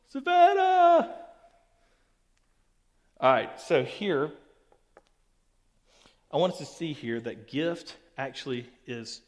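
Man teaching Scripture in a reverberant hall. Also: medium pitch. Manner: conversational, peppered with "okay" and "all right". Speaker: pastor. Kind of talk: recorded Bible teaching to camera.

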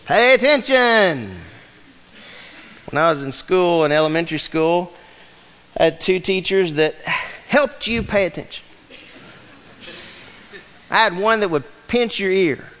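High-voiced preaching man in a reverberant hall. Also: a little slow, pauses often, a bit bright. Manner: emphatic preaching with rhetorical questions. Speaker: pastor. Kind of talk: sermon. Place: church sanctuary. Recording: long reverb of a large hall.

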